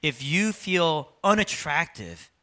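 A man preaching to his congregation in an animated way, jumping from loud emphatic lines to low, quiet asides. His voice sits a little high for a man and rides a lively, wide pitch range. The tone is bright and forward. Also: slow pace. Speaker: pastor. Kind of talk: sermon.

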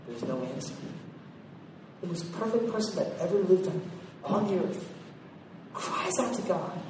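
Echoey preacher man in a hall. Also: fairly high pitch. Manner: emphatic, repeats phrases for weight, swings from loud to hushed. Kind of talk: sermon. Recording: very echoey hall, heard from far off, noisy.

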